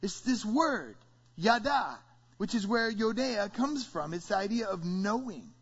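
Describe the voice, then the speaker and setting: High-voiced male preacher in an echoing church. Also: measured pace, breathy edge. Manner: energetic, playful, call-and-response with congregation. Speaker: pastor. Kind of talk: sermon. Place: church sanctuary. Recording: dull sound, long hall reverb.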